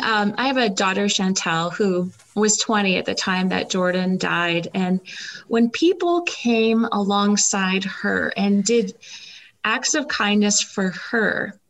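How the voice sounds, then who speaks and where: A woman's voice: mid-range voice, a bit bright, rough recording. A middle-aged woman, a guest, telling an emotional faith story in an interview, with many fillers.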